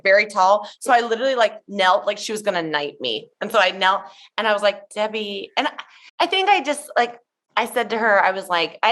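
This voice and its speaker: A woman in her thirties from Tennessee, gushing and animated as she tells stories. Her speech runs on with "like" fillers and lively asides, at an average pitch for a woman. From Tennessee, USA. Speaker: guest, show emcee. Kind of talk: casual interview chat.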